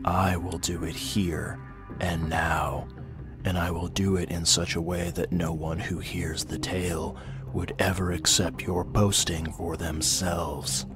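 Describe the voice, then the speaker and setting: A man voicing an unseen clawed intruder who whispers slow, soft threats. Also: low voice, flat delivery, music in the background. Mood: menacing.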